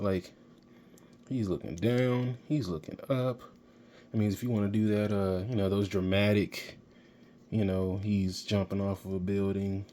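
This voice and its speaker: A man reviewing an action figure in excited, rambling casual talk, geeking out. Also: lowish voice, unhurried. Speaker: toy reviewer. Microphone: handheld camera mic.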